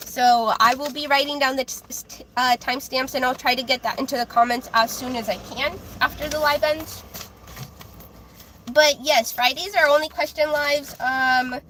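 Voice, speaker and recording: A woman's voice: sits high, sharp tone, slight background noise, rough recording. A woman streaming live as a tarot reader, chatting casually with many fillers and restarts in a childlike voice.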